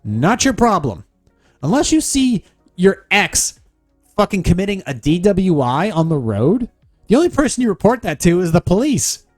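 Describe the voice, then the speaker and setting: A man's voice: high voice, very animated, normal speed, soft background music. A man hosting a solo podcast, giving blunt, sarcastic advice full of swearing. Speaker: podcast host.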